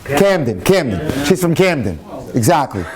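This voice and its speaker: A man, a rabbi, telling a story in a sermon, animated and swinging into excited quoted voices. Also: on the high side, moderate pace, a crowd in the background. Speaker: rabbi lecturer.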